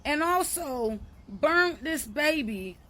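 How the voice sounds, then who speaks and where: A woman's voice: high-pitched, lively intonation, slow pace, fairly bright tone, slight background noise. A woman giving emotional commentary to her viewers, urgent and emphatic, repeating her points. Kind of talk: emotional social media commentary.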